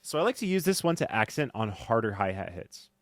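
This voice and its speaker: A man teaching drum mixing in a casual tutorial, thinking aloud with fillers and swinging in loudness. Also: on the low side, very animated, fairly quick. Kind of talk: casual screen-recorded tutorial. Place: home studio. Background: faint music from drum playback.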